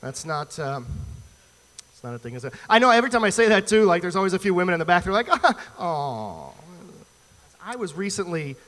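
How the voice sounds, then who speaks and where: A male stand-up comedian from the US Midwest, talking in an animated, rambling way on stage at a live venue. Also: sits high, fast talker, long reverb tail. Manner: animated, chatty, rambling asides.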